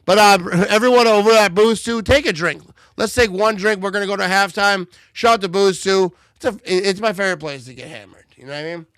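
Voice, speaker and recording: A man's voice: high voice, brisk, few pauses, no echo, clean studio sound. A man hosting a live watch party, joking and calling plays, a bit tipsy. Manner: loud, joking play-by-play banter. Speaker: livestream host.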